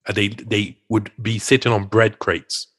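Low-voiced man talking haltingly. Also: little pitch movement, fairly bright tone, husky. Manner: halting, stammering restarts. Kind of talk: conversational interview talk.

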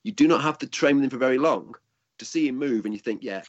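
A man's voice: medium pitch, quick pace, dull audio. A middle-aged man who coaches martial arts, chatting casually and telling rambling stories. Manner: rambling storyteller, restarts sentences. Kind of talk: casual chat.

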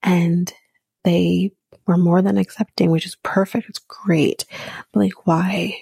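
Gravelly-voiced sarcastic woman podcaster. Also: lowish voice, little pitch movement, slow pace, no room sound. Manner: blunt, sarcastic, swears freely; drifts into soft whispery asides. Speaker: podcast host recapping a reality show. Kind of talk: casual recap chat.

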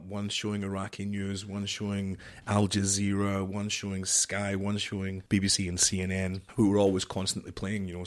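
A middle-aged man telling a rambling, profane war story as a podcast guest, leaning on "you know" as he goes. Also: low-pitched. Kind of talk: casual storytelling interview.

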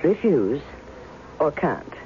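A woman's voice: low voice, big pitch swings, takes it slowly, slight background noise, heavily acted. An actress playing a cool, skeptical estranged wife who is testing a man, in 1970s radio drama style. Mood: sharp. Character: wary, sharp-tongued estranged wife testing an impostor. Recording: tinny old radio broadcast with music.

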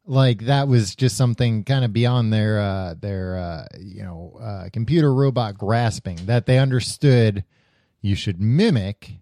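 Low mellow-voiced man chatting about films. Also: no echo, studio quality. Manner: laughs often, defends the film, hesitant fillers. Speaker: podcast co-host. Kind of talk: casual chat.

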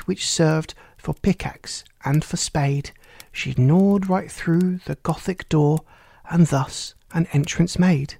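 A reader reciting rhyming verse in a measured way, often dropping to a hushed, breathy near-whisper. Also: mid-range voice, no room sound.

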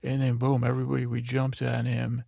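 A man hosting a sleep podcast, telling a meandering bedtime story in a halting way, full of restarts and repeated "I said". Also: mid-range voice, completely flat delivery, creaky, mellow, no echo, clean studio sound.

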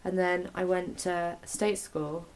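A woman's voice: on the low side, flat delivery, slow pace, a little mellow. A young woman in casual conversation, talking openly about her past in a rambling, sweary way with many restarts. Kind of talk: casual confessional chat.

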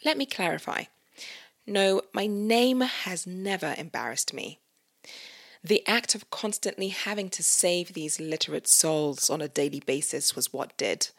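After a relaxed intro, a young British woman with Nigerian roots reads her reflective essay on her podcast in an earnest manner. She has a deep voice with a slightly bright quality.

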